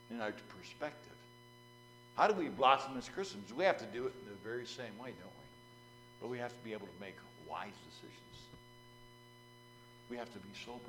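A man's voice: medium pitch, poor audio. A man preaching a sermon in a folksy, storytelling way and putting questions to his listeners.

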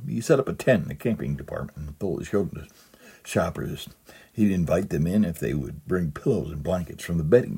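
Male pastor, very deep and gravelly-husky, storytelling sermon with a chuckle. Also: dark tone. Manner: humorous storytelling, chuckles at own jokes. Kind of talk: sermon with a humorous reading.

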